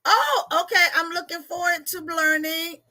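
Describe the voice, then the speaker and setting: A woman's voice: very high-pitched, normal speed, pushed and bright. A woman coach chatting casually and playfully, teasing her listeners and laughing often. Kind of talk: casual live chat.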